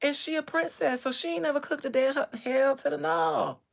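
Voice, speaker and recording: A woman's voice: high-pitched, fairly quick, vocal fry, voice pushed up. A woman doing a brash, squealing, scoffing male leader. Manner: exaggerated squealing scoffs, loud and mocking.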